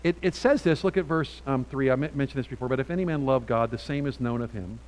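A man preaching a sermon from a Bible passage, talking in a halting way with many restarts and frequent rhetorical "right?"s. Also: medium pitch, a little mellow, rough recording.

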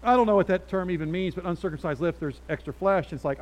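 A middle-aged man preaching a sermon as pastor, animated and chatty, dropping to quiet asides and then getting loud. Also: on the high side, fast, few pauses, poor audio.

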